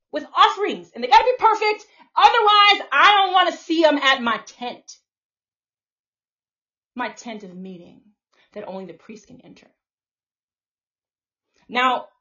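A woman's voice: high-pitched, a bit bright. A woman hosting a podcast, delivering a live, profane, confrontational rant in a preachy tone. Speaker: podcast host. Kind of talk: live ranting monologue. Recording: muffled lo-fi audio.

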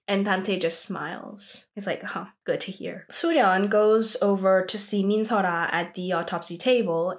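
A chatty woman retells a drama episode in a relaxed, conversational way. She talks with lots of fillers and reacts with animated feeling as she goes. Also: medium pitch. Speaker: drama recap host. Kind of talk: casual drama recap.

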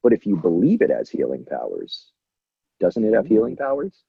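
A man co-hosting a comedy podcast, his husky voice ranging widely as he rambles and jabs in a playful way. The sound is dry and dull, with a lo-fi quality. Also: fairly low pitch, wildly swooping pitch, moderate pace, no room sound. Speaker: podcast co-host. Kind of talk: casual comedic chat.

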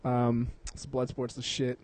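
A man's voice: mid-range voice, monotone, unhurried, a little mellow. A young man hosting a casual podcast, rambling and swearing a lot, laughing often. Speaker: podcast host.

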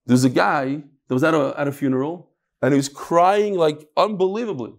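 A man giving a casual Talmud lesson, explaining the text and telling jokes with animated storytelling. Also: moderate pace, gravelly. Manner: animated storytelling, lively shifts in pitch. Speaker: Talmud teacher.

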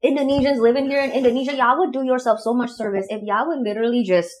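A young woman co-hosting a podcast in casual, slangy chat, teasing her co-host and laughing easily. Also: on the high side. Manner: slangy, animated, quick to laugh.

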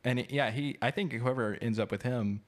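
A man co-hosting a podcast in casual chat, laid-back and halting, with some teasing. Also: medium pitch. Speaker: podcast co-host.

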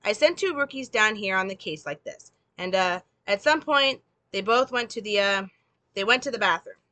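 A woman's voice: medium pitch, animated, moderate pace, bright, forceful tone. A woman reading the lines of a flustered male desk sergeant from a script in an apologetic way.

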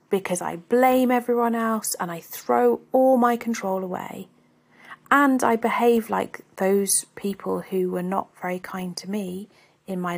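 A woman's voice: mid-range voice, vocal fry. A woman hosting a self-help podcast, a mother speaking candidly and thinking aloud in a reflective monologue. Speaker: podcast host; mother of three.

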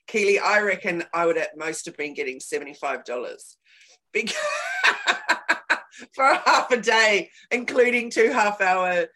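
A woman's voice: medium pitch, normal speed, pushed and bright. A woman hosting a casual chat, telling candid stories with emphatic repeated words.

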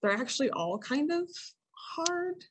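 An American woman chatting casually with friends and explaining game rules as moderator, animated and self-deprecating. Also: mid-range voice, moderate pace. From United States.

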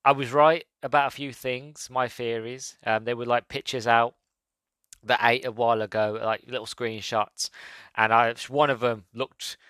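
A man giving a casual video review, excited and halting, often stumbling and repeating himself. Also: medium pitch, clear, resonant tone, dry recording.

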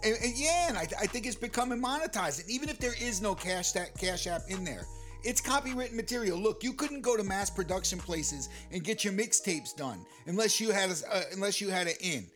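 A man's voice: sits high, animated, brisk, fairly bright tone. A man co-hosting a casual talk show, talking emphatically about music history and the industry. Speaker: podcast co-host. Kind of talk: casual chat.

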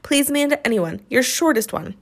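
A woman's voice: high-pitched, animated, brisk, voice pushed up. A woman reading aloud, voicing an eager, ragged young boy who talks earnestly and pleads. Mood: pleading.

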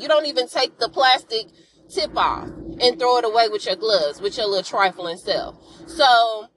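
A woman talks through a TV episode like she's catching up a friend, tossing in sassy asides and calling out to her listeners. Her voice sits at an everyday middle pitch. She keeps it loose and conversational from start to finish. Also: a bit bright, slight background noise, low-quality recording. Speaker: podcast host. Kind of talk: casual TV episode recap.

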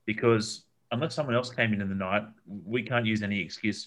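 A man's voice: on the low side, fairly even intonation, fairly quick, a bit bright. A man, telling a long, rambling camping story in a casual chat, with lots of fillers and repeated words.

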